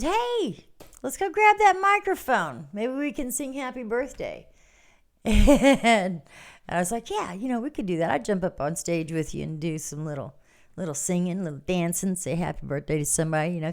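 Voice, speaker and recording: Chatty, laughing woman livestreamer. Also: on the low side. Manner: chatty and animated, laughs often, reads out viewer comments. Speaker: livestream host. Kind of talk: casual storytelling to a live audience.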